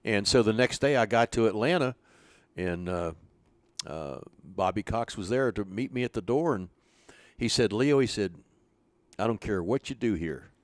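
Speaking at normal speed in a fairly low voice, with no room sound, a former pitching coach spins baseball stories during an interview. The older man tells them with animation, performing each quoted line.

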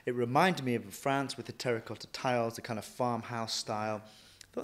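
A man, a chef and restaurant owner, telling stories from his career in a lively way, often acting out what he thought and said. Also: mid-range voice, a little fast, hardly any pauses. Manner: lively anecdotal, quotes himself often. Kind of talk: casual interview storytelling.

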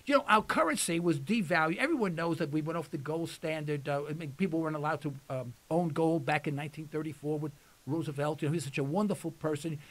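A man hosts a call-in radio talk show, his voice pitched high for a man. He talks in a folksy, emphatic way and repeats phrases to drive them home. His voice is starting to wear out. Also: fast talker, fairly bright tone.

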